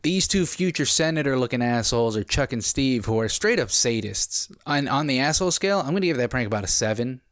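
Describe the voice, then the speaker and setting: A man's voice: medium pitch, lively intonation, fairly quick, few pauses, a bit bright, dry recording. A man in a mid-range voice, talking through a review with sarcastic, profane riffs. His delivery stays loose and conversational, like a running comedic commentary. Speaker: video reviewer.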